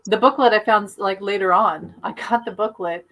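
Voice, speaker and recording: A woman talks in a relaxed, rambling way over a video call, full of fillers and restarts. She laughs easily and keeps a middling pitch throughout. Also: normal speed, low-quality recording. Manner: chatty, rambling, laughs often. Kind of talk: casual chat.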